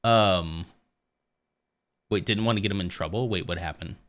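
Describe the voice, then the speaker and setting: Guy streamer rambling to chat, bright tense voice, lowish pitch, laughs a lot at himself. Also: normal speed. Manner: rambling, self-deprecating, laughs often. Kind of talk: casual chat with live chat.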